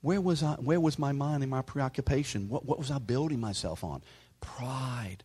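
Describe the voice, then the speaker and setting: A man preaching a sermon in a conversational way, calling out listeners by name and dropping to a hushed whisper for emphasis. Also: mid-range voice, a little fast, slightly rough. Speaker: pastor.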